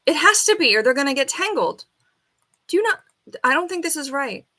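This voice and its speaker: A woman on a casual live stream, reading quiz questions aloud and arguing with the answers, and now and then talking softly to her bird. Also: sits high, very animated, moderate pace. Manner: chatty, reads questions then argues with the answers. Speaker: falconer streamer.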